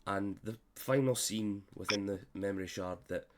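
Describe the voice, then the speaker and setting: A man who is unwell, narrating a tabletop game as game master with halting, filler-heavy speech on a voice call. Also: on the low side, noisy background. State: unwell, coughing.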